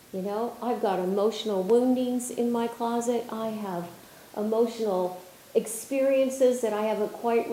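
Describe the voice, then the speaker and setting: A woman with a slightly high, mellow voice leads a workshop in a roomy conference hall. She talks in an animated, conversational way, often restarting her sentences. Her voice carries a noticeable echo from the room. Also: a little hiss or hum. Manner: animated and expressive, with frequent restarts and filler phrases. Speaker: workshop leader and spiritual healer.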